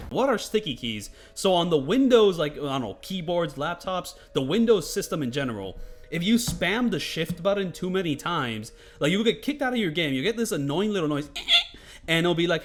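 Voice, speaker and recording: His voice runs on the high side, lively and brisk, as he comments casually on gameplay. The gaming commentator rambles, curses freely, and peppers his speech with "like" and "you know."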